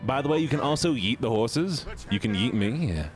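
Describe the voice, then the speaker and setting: A man's voice: mid-range voice, expressive, brisk, soft background music. A young man casually chatting with his live-stream audience while gaming, joking and swearing.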